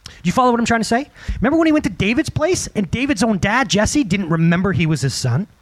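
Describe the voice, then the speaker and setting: A man preaching a sermon to a congregation, animated and direct, often asking the listeners questions and acting out quotes. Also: high-pitched, fast talker. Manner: breaks into acted-out quotes. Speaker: pastor.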